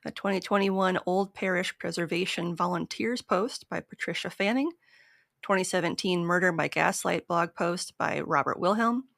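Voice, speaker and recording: Woman podcast host, gravelly and a little hoarse, close and dry recording, chatty delivery. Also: lowish voice, fairly bright tone, no echo. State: a bit hoarse. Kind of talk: casual chat.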